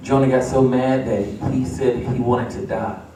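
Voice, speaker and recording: A man's voice: mid-range voice, fairly even intonation, normal speed, warm tone. A man preaching a sermon as pastor, building to emphatic repeated refrains in a church sanctuary. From United States. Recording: echoey church, distant mic.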